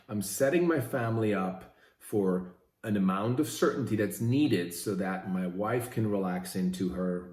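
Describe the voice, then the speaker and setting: A Swiss-born man in middle age speaks to his viewers in a relaxed, chatty motivational talk, often tossing in "right?". His voice sits on the low side. The room adds a noticeable echo. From Switzerland. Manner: conversational, often asks "right?". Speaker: vlogger. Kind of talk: casual motivational talk to camera.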